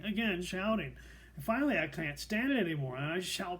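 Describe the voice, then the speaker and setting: Middle-aged man, host, somewhat high voice, deadpan wry storytelling, self-mocking. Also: brisk. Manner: dry, wry and self-deprecating. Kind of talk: personal storytelling monologue.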